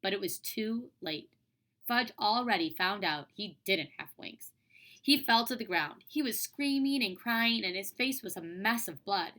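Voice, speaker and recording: A woman teacher reading a children's book aloud with expressive storytelling. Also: medium pitch, unhurried.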